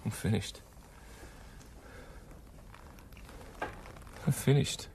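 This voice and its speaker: An actor playing a dry, sardonic Australian country police constable. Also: male voice, normal speed, a little hiss or hum, close to an everyday voice. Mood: sarcastic. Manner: dry, sardonic, quietly threatening.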